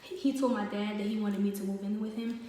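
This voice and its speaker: A woman's voice: mid-range voice, level tone, fast, mellow. A woman telling a personal story in a casual storytime vlog. She talks in a chatty way with many fillers. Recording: very echoey room, distant mic, faint noise.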